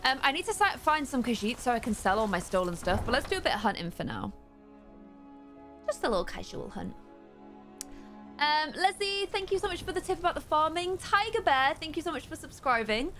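A woman's voice: high voice, sing-song, a little fast, fairly bright tone, soft background music. A young woman giving chatty, playful let's-play commentary into a desk mic, with giggly exclamations. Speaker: gaming streamer.

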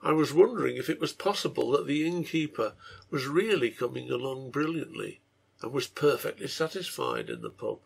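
A man reads his own translation of a serial story aloud at a measured storytelling pace. His voice is gravelly and husky, with an even, unhurried delivery. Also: mid-range voice. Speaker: reader and translator.

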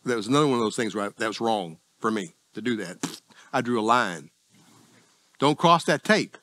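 A middle-aged man with a Southern US accent preaching a sermon in a folksy, self-deprecating, conversational way with sudden jumps in pitch. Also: fairly quick, fairly bright tone, dry recording. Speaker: pastor.

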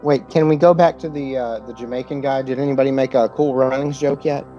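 A man's voice: medium pitch, steady tone, fairly quick, dark tone, highs cut off, soft background music. A man co-hosting a casual movie podcast, laid-back, recapping the plot with dry asides. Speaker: podcast co-host. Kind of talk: casual movie chat over beer.

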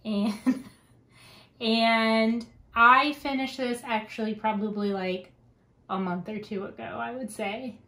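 A woman's voice: on the high side, steady tone, takes it slowly, sharp tone. Young adult woman, podcast host, casual and talkative with easy laughs. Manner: chatty, laughs often, wanders onto tangents. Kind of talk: casual chat.

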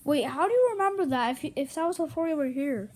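A woman improvising playful toy-movie dialogue, excitable and exclaiming, often slipping into sing-song. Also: high-pitched, fast. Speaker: home movie maker voicing toy characters.

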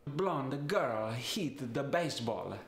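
A man's voice: takes it slowly, roomy sound. A man demonstrating a put-on Italian accent in short example sentences, with a staccato, melodic delivery. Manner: staccato, melodic, lively pitch.

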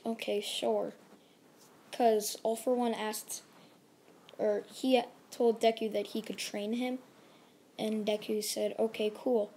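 A woman's voice: a little high, warm tone. A woman casually retelling a fan story, rambling along with lots of fillers.

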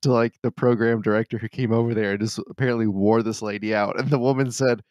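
A man's voice: on the low side, fairly even intonation, quick pace, a little mellow, dry recording, clean studio sound. A man co-hosting a casual podcast, rambling through anecdotes with crude jokes and laughing often. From United States. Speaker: podcast co-host.

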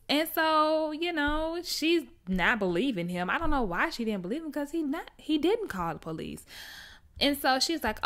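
A young woman chatting casually through a TV episode recap, animated and acting out the characters' lines as she goes. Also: high-pitched, moderate pace. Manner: animated storyteller who acts out character lines. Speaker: TV recap vlogger.

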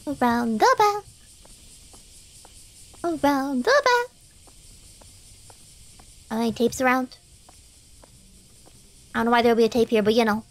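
A woman streamer talks her way through a night-drive game, chatty and easily startled. Her voice sits fairly high and swings widely in pitch. She keeps up a steady running commentary into a desk mic. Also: measured pace, pauses often. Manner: chatty, excitable, talks to herself while playing. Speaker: streamer playing a driving horror game.

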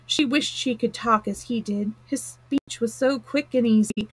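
A woman reading a classic novel aloud on a live stream, plain and steady with small slips and restarts. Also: on the high side, unhurried, few pauses, slightly rough, poor audio. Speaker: storyteller. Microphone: close mic, live stream.

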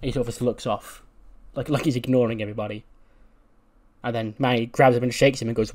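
A man's voice: mid-range voice, fairly even intonation, fast talker, pauses often, a little mellow. Casual man narrating a game. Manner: casual, many fillers. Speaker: game commentator. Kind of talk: narrating a wrestling sim playthrough.

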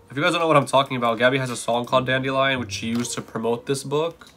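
A man's voice: mid-range voice, steady tone, very fast, hardly any pauses, pushed and bright, faint music behind. A young man vlogging in a casual, chatty way, reading aloud and commenting with playful asides.

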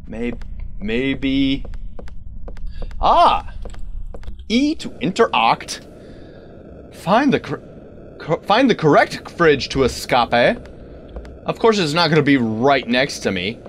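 A man doing let's-play commentary, talking to the game and bursting into exclamations. His voice sits a little high and swings widely, while he takes his time with the words. A faint hiss runs underneath. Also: slow pace, long pauses. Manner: animated, talks to game objects, sudden exclamations. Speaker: gaming video creator.

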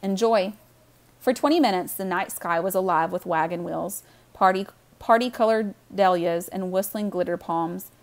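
A woman reading a children's novel aloud with warm, expressive storytelling. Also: on the low side, normal speed. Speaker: audiobook reader.

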